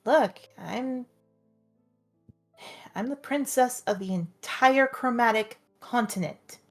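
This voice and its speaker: A woman's voice: a little high, slow pace, faint music behind. A woman voicing a blunt, protective young dragon princess who talks straight and swears freely. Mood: insistent.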